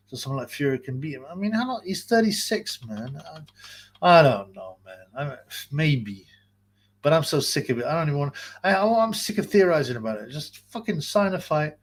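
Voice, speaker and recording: Man, husky voice, fairly high pitch, casual livestream rant, swears a lot. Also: lively intonation. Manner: profane, rambling, quick to laugh. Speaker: livestream host.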